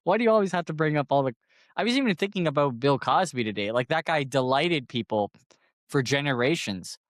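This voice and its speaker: A man co-hosting a comedy podcast, rambling through deadpan jokes and acting out other people's lines in casual banter. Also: fairly high pitch, brisk, dry recording, clean studio sound. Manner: rambling, acts out quoted voices.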